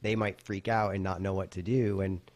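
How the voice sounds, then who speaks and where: Low-voiced man chiming in. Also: level tone, moderate pace, darkish tone. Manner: matter-of-fact, chiming in and correcting. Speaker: podcast co-host. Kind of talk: casual chat.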